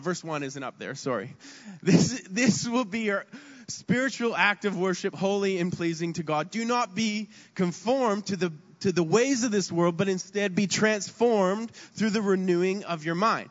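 High-voiced man preaching in a hall. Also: a little slow. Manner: earnest, repeats words as he speaks. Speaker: pastor. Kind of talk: sermon. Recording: dull sound with long hall reverb.

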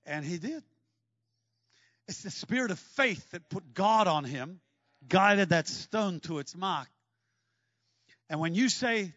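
A man preaching a sermon in an animated, joking way, breaking into shouts. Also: high voice, measured pace, long pauses, no echo, dull audio. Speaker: pastor.

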